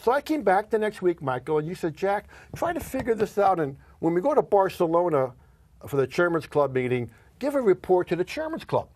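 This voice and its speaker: A man telling a story in an interview, acting out the dialogue with lively swings in his voice. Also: sits high, fairly quick. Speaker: guest, company executive.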